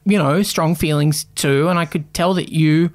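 A man's voice: on the high side, fairly even intonation, moderate pace. Aussie guy in his 30s, keeps pushing the point, exasperated comedy banter, podcast studio. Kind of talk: improvised comedy bit and casual chat.

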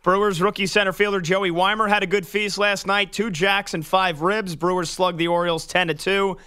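A man reading a sports news update on a radio show in a crisp newsreader style. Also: sits high, flat delivery, bright, forceful tone. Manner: crisp, brisk newsreader delivery. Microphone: studio microphone.

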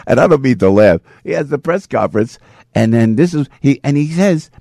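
Animated, gravelly male radio host. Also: medium pitch, fairly quick, no echo, clean studio sound. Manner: excitable, rambling, laughs often. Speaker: radio talk show host. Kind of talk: animated opinionated radio talk. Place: radio studio.

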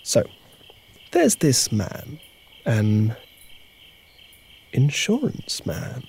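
A man's voice: mid-range voice, huge pitch swings, extremely slow, gravelly, darkish tone, slightly rough, full character voice. A man, playing an agent who tells a long, rambling, playful story in an audio drama. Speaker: agent leaving a voicemail. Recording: music playing behind, crickets.

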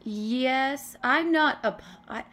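A woman comedian, a guest on a podcast, telling a stage story in a casual, animated way with swearing and laughter. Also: sits high, slow pace.

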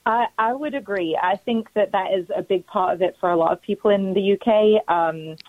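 A woman with a British accent, a guest in a radio interview, relaxed and agreeable, often saying like. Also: medium pitch, normal speed, no echo. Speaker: guest, company executive. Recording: tinny phone line.

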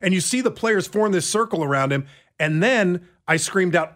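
A middle-aged man co-hosting a talk show, telling a story with stammered restarts and lively bursts. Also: high voice, moderate pace. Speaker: radio show co-host. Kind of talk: casual chat.

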